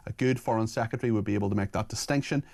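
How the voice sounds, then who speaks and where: A man hosting a talk radio phone-in, chatting with callers and reading out listener messages in a brisk, chatty way. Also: fairly low pitch, gravelly, a little mellow.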